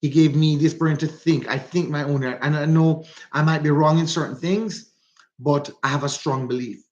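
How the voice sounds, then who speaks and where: A man's voice: fairly high pitch, steady tone, moderate pace, highs cut off. A man with a Jamaican accent hosting a casual livestream while out walking. He chats, repeats himself and greets viewers by name. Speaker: livestream host. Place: walking outdoors.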